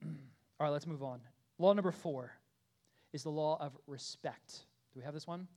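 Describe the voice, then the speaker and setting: A pastor in his thirties delivers a sermon with a voice sitting a little high for a man. He talks to the congregation like a conversation, tagging points with quick check-ins. Some pleas ring out loud and insistent, while asides fall soft and low. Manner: earnest, conversational with frequent "okay?" and "right?" check-ins; swings between loud emphatic pleas and quiet asides.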